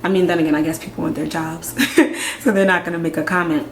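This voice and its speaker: Young woman from Nigeria, lowish voice, frank vlog commentary with quick asides, roomy sound. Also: steady tone, a little hiss or hum. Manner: frank, conversational, quick asides and rhetorical questions. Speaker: vlogger. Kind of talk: candid commentary to camera. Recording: echoey room with faint ambience.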